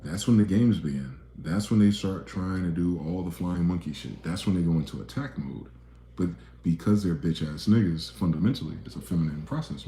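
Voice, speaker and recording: A man with a low, dark voice delivers a profane, emphatic monologue. He jumps from loud, pointed outbursts to quiet, muttered asides. His voice rings in a bare, echoey room. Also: a little hiss or hum. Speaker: video commentator.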